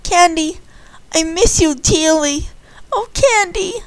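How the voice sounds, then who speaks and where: Woman doing a homesick, gentle little girl. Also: very high voice, takes it slowly, no echo, pitched above the performer's own voice, heavily acted, rough recording. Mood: tender. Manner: soft, wistful pleading. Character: homesick gentle young girl, tearful and sweet.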